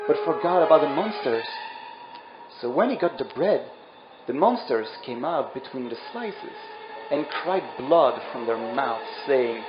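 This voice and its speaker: A man's voice: medium pitch, expressive, measured pace. A man narrating a comedic dramatic reading with over-dramatic, melodramatic delivery. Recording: roomy, dull lo-fi sound. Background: music.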